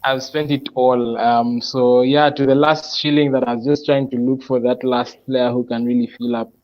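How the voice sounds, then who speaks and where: A man explains his reasoning in a relaxed online chat, working through it step by step and pausing often to think. His voice sits in an ordinary middle range, and the recording sounds slightly dull and lo-fi. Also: medium pitch. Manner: thinks aloud, explains picks step by step with many pauses. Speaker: panelist presenting his fantasy football team.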